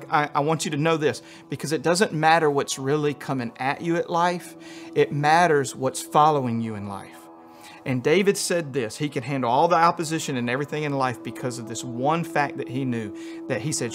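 A man preaching a sermon as pastor, in a folksy, animated style with homespun humor, swinging between loud emphasis and hushed, soft passages. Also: on the high side.

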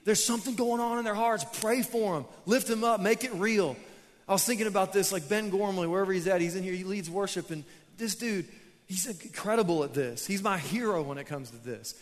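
A man's voice: sits high, brisk, in a large hall. A young man preaching a sermon in a church, casual and self-mocking as he tells stories. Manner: casual, storytelling preacher who laughs at himself. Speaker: pastor. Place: church auditorium.

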